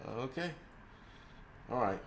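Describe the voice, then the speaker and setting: A man's voice: medium pitch, lively intonation, slow pace, a little hiss or hum. A man hosting a livestream, ranting crudely and rambling while he answers viewers' chat. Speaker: livestream host.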